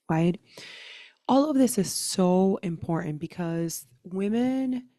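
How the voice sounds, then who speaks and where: Chatty woman coach, low warm voice. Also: no room sound, clean studio sound. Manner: chatty, many "like" and "right?" fillers. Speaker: leadership coach. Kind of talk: casual motivational talk.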